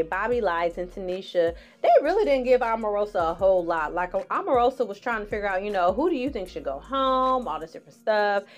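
A woman's voice: mid-range voice, darkish tone. A woman in her forties giving a casual, sassy recap of a reality show, calling her viewers honey and laughing often. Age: 40s. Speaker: online TV reviewer.

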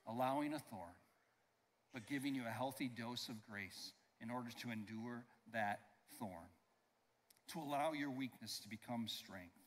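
In a church sanctuary, a pastor preaches an emphatic sermon in a mid-range voice, slowing down to stress key phrases and leading the congregation in call-and-response. The hall's long reverb carries through the recording.

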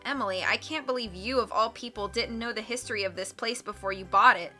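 Enthusiastic young guy explaining a film's history, as a woman reads him, sharp bright tone. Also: a little high, brisk, faint music behind. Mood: eager. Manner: eager, explaining. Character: young adult male film buff.

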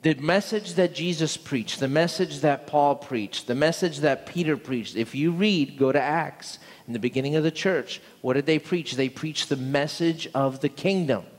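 A man's voice: on the high side, normal speed, few pauses. Man preaching a sermon in a reverberant church. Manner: conversational, repeats phrases, builds to emphatic call-and-response. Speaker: pastor. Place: church sanctuary. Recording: church sanctuary with long reverb and live music. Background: instrumental music.

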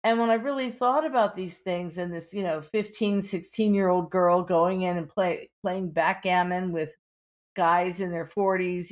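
A middle-aged woman with a Pittsburgh accent, an author talking candidly in a podcast interview, full of "you know" fillers. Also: lowish voice. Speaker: author guest.

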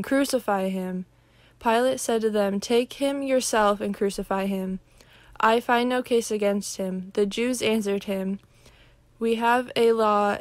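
Woman lector, scripture reading, dry sound, even delivery. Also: medium pitch, dry recording. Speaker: scripture reader. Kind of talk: reading the Passion aloud in church.

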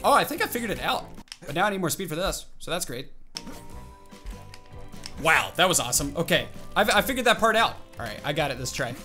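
An excitable man narrating his own gameplay live, yelping and shouting as he reacts. His voice is bright and tense, and his pitch leaps all over the place. Faint game music plays behind him. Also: fairly quick, long pauses. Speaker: gaming channel host.

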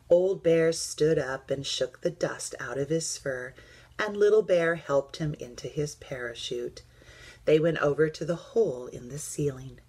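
A woman, a teacher, reading a children's picture book aloud, gentle and slipping into soft whispers. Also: low voice, a little slow, breathy edge.

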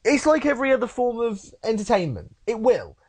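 A man's voice: very high-pitched, wildly swooping pitch, fairly quick, darkish tone, slight background noise. A man co-hosting a casual podcast chat, ranting in an exasperated tone. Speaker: podcast co-host.

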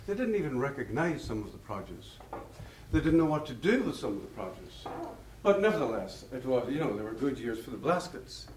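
A man's voice: medium pitch, very animated, fairly quick, darkish tone, a little hiss or hum. A man giving a public lecture, telling stories in a discursive, anecdotal way and chuckling at his own tales. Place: lecture hall. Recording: roomy hall, mic far off.

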